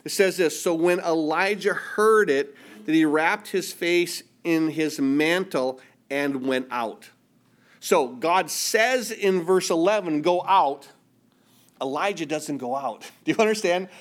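A man preaching a sermon, reading scripture aloud and acting out the voices, asking the congregation if they understand, and dropping almost to a hush for the quiet passages. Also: a little high, a little slow. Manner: dramatic, drops to near-whisper for quiet passages; acts out biblical voices, asks listeners "do you understand?".

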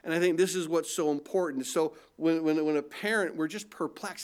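A man's voice: high voice, normal speed, darkish tone. A middle-aged man preaching a sermon, acting out quotes in shifting tones. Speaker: pastor.

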